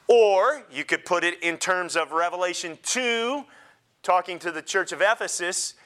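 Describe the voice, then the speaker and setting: A man pastor preaching a sermon in an animated way, joking and laughing with the congregation. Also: high-pitched, measured pace.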